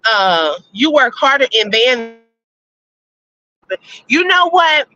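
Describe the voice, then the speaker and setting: A woman hosting a casual live-stream chat, reading viewer votes and telling stories, animated and laughing often. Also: sits high, slow. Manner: chatty, animated, laughs often, addresses listeners as y'all. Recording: slightly muffled lo-fi audio.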